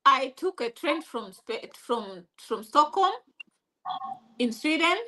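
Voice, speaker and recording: A young Kenyan woman with a high, lively-pitched voice, speaking with a Kenyan accent. She talks animatedly and restarts her sentences often, slipping into Swahili now and then. Her tone is bright and sharp. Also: slow pace, poor audio. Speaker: interview guest. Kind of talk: casual conversational interview.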